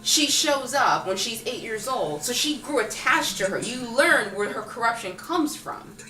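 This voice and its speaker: A woman's voice: fairly high pitch, a little slow, a little hiss or hum. A woman chatting casually in a film review vlog, acting out characters' lines as she goes. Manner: animated, acts out characters' lines. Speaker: vlogger. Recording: roomy echo, distant mic, faint music.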